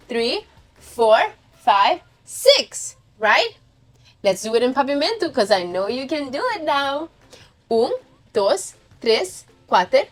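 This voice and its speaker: Woman children's teacher, high animated voice, slow and encouraging, faint music bed. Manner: slow, cheerful, praising and prompting children to repeat. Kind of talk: kids' counting lesson.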